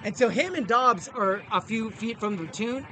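A middle-aged man and former Marine telling a story in a casual podcast chat, animated and profane, acting out the voices of the people in it. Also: high voice, moderate pace, very noisy.

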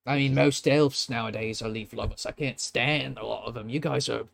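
A man voicing a gruff, foul-mouthed male shopkeeper in a tabletop game, crude and blunt. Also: mid-range voice, steady tone, normal speed. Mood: wry. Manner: crude, blunt, loud outbursts. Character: gruff, swearing male shopkeeper, nervous when rich.

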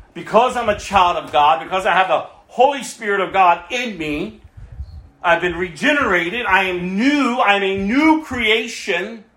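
Animated preaching man in an echoey room. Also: high-pitched. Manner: emphatic preaching, rhetorical questions, shifts between loud and hushed. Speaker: pastor. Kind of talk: sermon.

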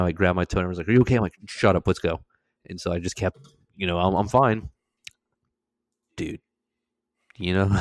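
A man's voice: low voice, darkish tone, no room sound. A young man co-hosting a podcast, telling stories animatedly, swearing and laughing as he goes. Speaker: podcast co-host. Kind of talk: casual storytelling chat.

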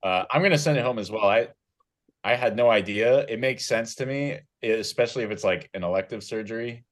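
A man's voice: lowish voice, brisk. A man co-hosting a podcast, rambling casually and repeating himself. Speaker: podcast co-host. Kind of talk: casual chat.

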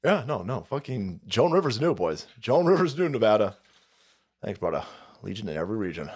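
Animated, mocking male stream host. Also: on the low side, fairly quick, slightly rough. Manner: crude, mocking, puts on voices for quotes; reads chat messages aloud. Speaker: livestream host. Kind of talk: profane political rant stream.

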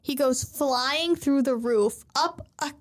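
A woman with a high voice co-hosts a casual podcast. She tells the story with a lot of energy and slips into the characters' lines as she goes. She swears freely and keeps it loose. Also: slow. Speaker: podcast co-host. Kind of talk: casual chat retelling an anime plot.

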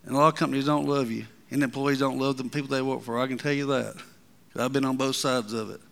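A man preaching a sermon as pastor, building to emphatic peaks and dropping to quiet asides. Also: medium pitch, fairly even intonation, fast, creaky, in a large hall. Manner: preaching, rising and falling with emphasis.

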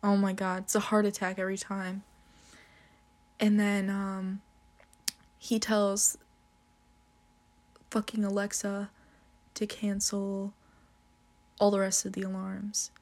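A woman's voice: medium pitch, monotone, a little mellow. A young woman telling a casual, profanity-laced story, laughing often as she talks. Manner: slow, drawn-out delivery with frequent swearing and laughter.

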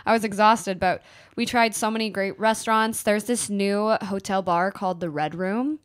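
A woman's voice: mid-range voice, moderate pace. A young woman co-hosting a podcast, casually telling stories from a trip and swearing now and then. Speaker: podcast co-host. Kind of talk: casual chat.

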